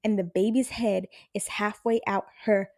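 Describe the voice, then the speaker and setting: A woman's voice: medium pitch, steady tone, normal speed, warm tone, no room sound, clean studio sound. A young woman hosting a podcast in casual chat, rambling, frank and profane. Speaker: podcast host.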